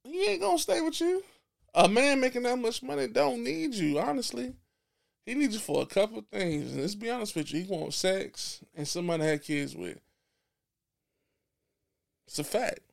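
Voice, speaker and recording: A man's voice: very high voice, animated, moderate pace, creaky, long pauses. A man talking bluntly and profanely in casual podcast chat, emphatic and preachy, restarting his phrases often. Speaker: podcast guest.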